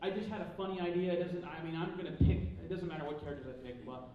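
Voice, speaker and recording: Brief: high-voiced male panelist, animated storyteller, distant and echoey in a big hall with a crowd behind him. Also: racing, dull audio, a little hiss or hum. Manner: animated, acts out other people's lines in raised voices. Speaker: panel speaker. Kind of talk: storytelling to a live audience. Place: large convention hall. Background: audience laughter.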